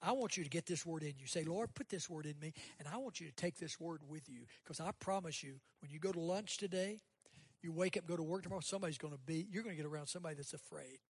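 A guest pastor, a man, preaching a sermon and leading an altar call, swinging between loud rising bursts and quiet, dropped lists. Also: a little high, quick pace, breathy edge, no echo. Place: church sanctuary.

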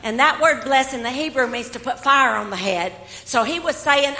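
A woman's voice: high voice, normal speed, hardly any pauses. A woman, preaching expressively and acting out scripture. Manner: expressive, acting out scripture quotes with rising intensity. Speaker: guest preacher. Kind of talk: sermon. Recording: hall reverb.

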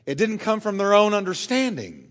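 Man, pastor, sermon, high voice, emphatic, long hall reverb. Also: sing-song, normal speed. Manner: emphatic, swings from quiet to loud, stretches key words.

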